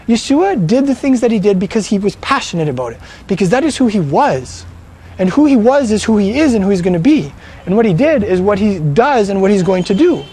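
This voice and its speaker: A man's voice: sits high, animated, brisk, a little mellow, slightly rough. A man preaching a sermon, emphatic and fond of rhetorical questions.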